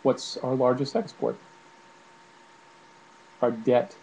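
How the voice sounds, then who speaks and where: A man's voice: mid-range voice, level tone, slow, creaky, a little mellow, slight background noise, poor audio. A man giving casual spoken commentary to camera at home, irritated and ranting, with many fillers and restarts. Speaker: video blogger.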